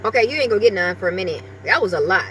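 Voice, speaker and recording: A woman's voice: medium pitch, lively intonation, racing, a bit bright, slight background noise. A woman vlogger chatting casually with her viewers and breaking off now and then to talk to her small dog.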